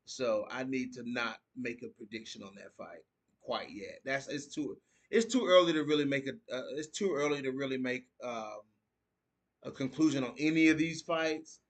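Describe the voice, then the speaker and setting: A laid-back man from the United States hosts a casual live stream at a mid pitch. He reads viewer comments aloud and riffs on them in an easygoing chat. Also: normal speed. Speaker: podcast host.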